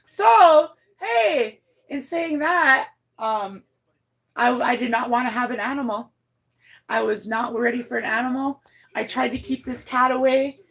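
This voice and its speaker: Woman livestreamer, gravelly, blunt and rambling, casual storytelling. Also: a little slow, a bit bright. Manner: rambling, blunt, swears freely, many restarts; emotional, voice climbs high when moved. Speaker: livestreamer reading her chat.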